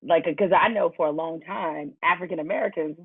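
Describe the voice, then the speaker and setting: A woman's voice: low voice, brisk, husky, dry recording. A woman podcast host asking long, winding questions in a casual interview, laughing often. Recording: tinny phone-like, dry sound.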